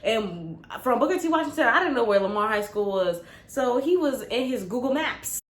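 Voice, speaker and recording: A young woman vlogger telling a casual, animated story with lots of slang. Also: a little high, normal speed. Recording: roomy with faint ambience.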